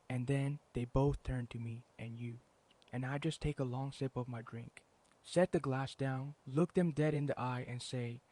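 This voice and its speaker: A man telling a comedic first-person story in a calm, deadpan way, with dramatic pauses. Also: medium pitch. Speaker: narrator.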